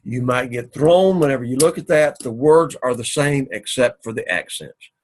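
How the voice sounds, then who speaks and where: Male teacher, husky voice, patient repetitive classroom lecture. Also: mid-range voice, expressive, normal speed. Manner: methodical, repetitive explaining. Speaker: Greek teacher.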